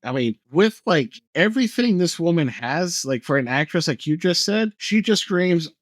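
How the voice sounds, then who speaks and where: A man co-hosting a podcast, casually recapping a movie plot with animated, profane emphasis. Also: a little high, moderate pace, no echo, clean studio sound. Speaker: podcast co-host.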